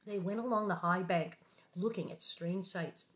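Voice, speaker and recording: A woman's voice: on the low side, normal speed. Chatty woman reading a storybook aloud. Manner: animated, jokey asides between passages. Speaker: book reader and host.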